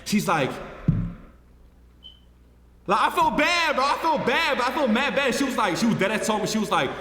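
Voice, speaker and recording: A young man, a streamer, telling a story to his friends in a casual, animated, profane way, repeating himself and swinging from hushed to shouting. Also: extremely high pitch, normal speed. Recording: echoey room with long reverb, faint noise.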